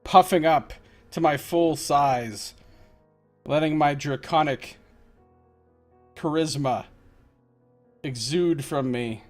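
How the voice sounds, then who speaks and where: A man's voice: on the high side, slow, pauses often, faint music behind. A man playing in a tabletop role-playing game, animatedly describing his character's actions. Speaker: player. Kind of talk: tabletop role-play narration.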